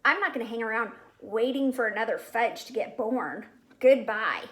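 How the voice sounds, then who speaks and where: A woman's voice: fairly high pitch, lively intonation, normal speed. A woman voicing a sulky, angry boy of about twelve in a storybook reading. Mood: defiant. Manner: sulky and loud.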